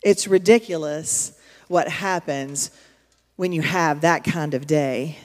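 A woman's voice: sits low, slow. Female preacher, chatty and emphatic, church-hall echo. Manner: storytelling, conversational, emphatic asides to the congregation. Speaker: pastor. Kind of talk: sermon. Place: church auditorium. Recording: long reverb of a large hall.

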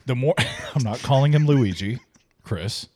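Man, podcast co-host, husky, excitable, casual movie chat. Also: mid-range voice, a little slow. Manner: excitable, laughs a lot, many fillers.

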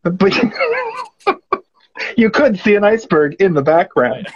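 Guy with a high voice chatting about a movie, kinda dull lo-fi sound. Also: huge pitch swings, slow. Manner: rambling, lots of "like" fillers. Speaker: podcast host. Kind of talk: casual movie discussion.

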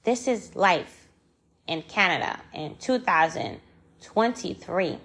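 A woman's voice: on the low side, expressive, slow pace, vocal fry, fairly bright tone. A woman in a personal vlog monologue, angry and frustrated, talking with passion, repeating phrases for emphasis and swearing freely. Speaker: vlogger.

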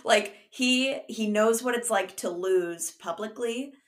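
A woman's voice: medium pitch, measured pace. A young woman from the United States co-hosting a podcast in casual chat, bubbly and gushing, with lots of likes and laughs. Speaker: podcast co-host.

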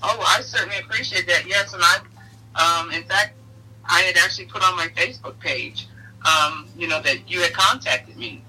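A middle-aged woman, interviewed as a mother, telling fond family memories in an animated way and laughing often. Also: fairly low pitch, normal speed, husky. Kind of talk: casual storytelling in an interview. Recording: voice heard from a distance.

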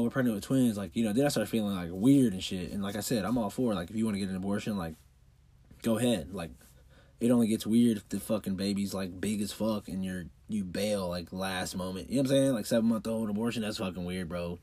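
A man's voice: lowish voice, quick pace, warm tone. A man in his twenties telling a rambling, profanity-laden personal story full of fillers, coughing with a cold. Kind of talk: casual personal anecdote.

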